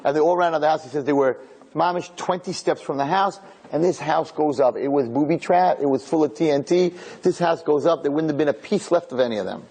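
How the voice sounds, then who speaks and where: With fairly high pitch and a fairly quick delivery, a rabbi shares an inspirational story before an audience. He tells it animatedly, repeating words for emphasis and mixing in Hebrew terms.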